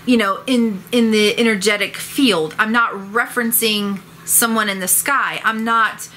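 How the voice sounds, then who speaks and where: Bright, animated woman vlogging. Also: medium pitch, measured pace, slight background noise. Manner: animated, expressive. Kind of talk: casual talking-head vlog.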